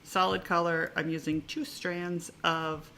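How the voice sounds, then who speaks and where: A woman co-hosting a podcast in casual chat, relaxed and hesitant, with frequent ums and uhs. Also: lowish voice, measured pace, creaky, slight background noise. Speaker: podcast co-host. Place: yarn shop. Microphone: recorded on camera.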